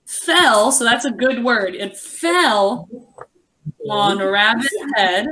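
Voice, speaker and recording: A young adult woman teaching a reading lesson to a class, encouraging and expressive as she reads aloud. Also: fairly high pitch, slow, a little hiss or hum.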